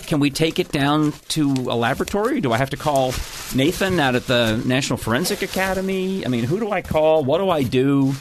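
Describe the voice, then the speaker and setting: A man's voice: a little high, animated, brisk, hardly any pauses, slight background noise. A middle-aged man telling a family story in casual chat, rambling and often breaking off to restart his sentences. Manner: rambling, self-interrupting storyteller.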